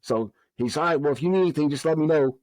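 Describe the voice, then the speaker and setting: Animated man telling a war story. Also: a little high, fast talker, no room sound. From Southern United States. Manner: animated storyteller, acts out quoted dialogue. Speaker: guest, former prison officer. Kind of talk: storytelling in a podcast interview.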